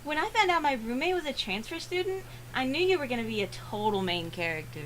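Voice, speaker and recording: A woman's voice: sits high, big pitch swings, quick pace, fairly bright tone, a little hiss or hum, pitched above the performer's own voice. A woman voicing a bubbly, cheerful teenage schoolgirl roommate who talks in a squealy, giggly, over-the-top way. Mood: excited.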